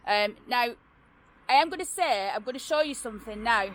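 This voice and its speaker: A woman's voice: fairly high pitch, expressive, moderate pace, noisy background. Woman, Northern English accent, casual storytelling, rambling, lots of fillers, outdoors. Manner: chatty, rambling, with many fillers and restarts. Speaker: vlogger telling ghost stories. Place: outdoors by a road.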